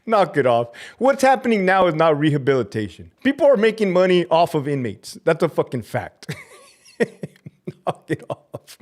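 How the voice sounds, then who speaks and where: A man ranting on his live stream, cursing hard and swinging between loud outbursts and low muttering. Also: wildly swooping pitch, brisk. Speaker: livestreamer and prison officer. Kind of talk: profane live-stream rant.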